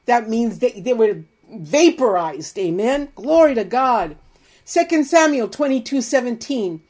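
High-voiced woman preaching slowly. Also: animated, darkish tone. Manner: fervent, emphatic, reads scripture aloud. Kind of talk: sermon.

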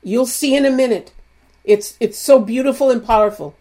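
A woman preaching a sermon in an emphatic, animated way, often punctuating her points with a call of "Amen?". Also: fairly high pitch, normal speed. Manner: animated, acts out quoted voices.

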